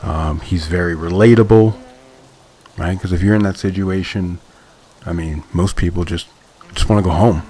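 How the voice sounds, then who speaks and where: A man's voice: deep voice, steady tone, moderate pace, warm tone, slight background noise. A man hosting a podcast, casually breaking down a comic in a thoughtful way, with lots of fillers and restarted phrases. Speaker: podcast host. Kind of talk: casual comic-book analysis.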